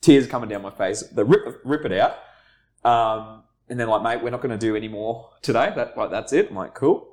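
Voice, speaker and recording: Male host, mid-range voice, lively swearing raconteur. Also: medium pitch, a little fast. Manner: animated, swears freely, acts out other people's lines. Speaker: podcast host. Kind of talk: casual storytelling chat.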